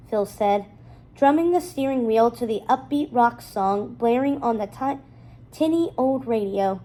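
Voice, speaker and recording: Mellow, fairly high woman for an expressive storybook read-aloud. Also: moderate pace. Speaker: storybook reader. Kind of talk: children's novel read-aloud.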